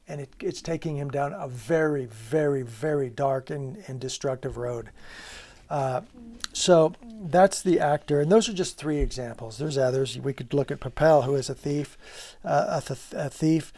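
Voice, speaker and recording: Earnest gravelly man lecturing on literature. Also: fairly high pitch, moderate pace, a little mellow. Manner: earnest, emphatic, rhetorical questions, many restarts.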